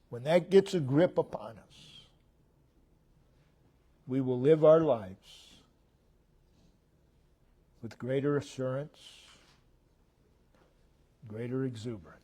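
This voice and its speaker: Preaching at a slow, emphatic pace, this American man has a medium-pitched, slightly rough voice. His sermon moves from booming statements to quiet near-whispers, with short phrases said again and again.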